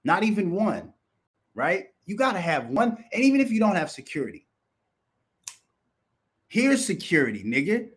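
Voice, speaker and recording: A man's voice: high-pitched, very animated, moderate pace, pauses often, a bit bright, husky. A man hosting a live stream and talking to his chat in a brash, boastful, profane way, laughing often. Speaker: livestream host.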